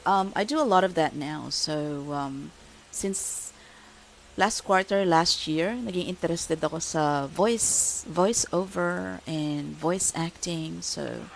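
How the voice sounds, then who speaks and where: Low, gravelly Filipino woman. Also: slight background noise, rough recording. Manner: mixes Tagalog and English, laughs often. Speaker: podcast guest, voice actor. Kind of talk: casual interview chat.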